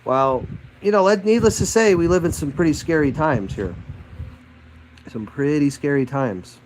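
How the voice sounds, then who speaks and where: A man's voice: a little high, animated, normal speed, a little hiss or hum, low-quality recording. A man delivering a defiant, rambling monologue to his viewers, repeating himself and turning crude and profane at times.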